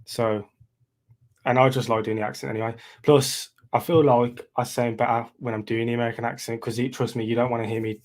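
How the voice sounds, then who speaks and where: British male musician guest, mid-pitched, relaxed and matter-of-fact, on a call. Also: fairly quick. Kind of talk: casual chat. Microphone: video call.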